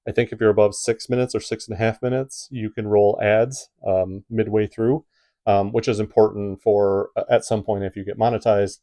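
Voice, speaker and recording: A YouTube creator with a Midwestern American accent gives casual tips to camera from his home, rambling with lots of fillers and restarts. His voice is low and dark, with fairly even intonation and normal speed.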